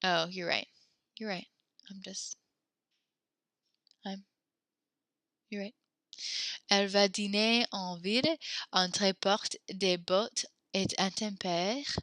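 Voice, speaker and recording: A young woman teaching a French class over a video call from home, upbeat and encouraging as she gently corrects her students. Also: medium pitch, slow pace, long pauses, dry recording. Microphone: computer mic on a video call.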